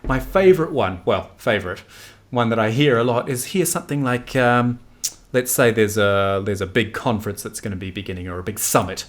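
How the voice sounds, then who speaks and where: A man in his forties, a news anchor, talking in an interview in an animated, emphatic way, often correcting himself mid-sentence. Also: lowish voice, brisk. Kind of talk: conversational interview.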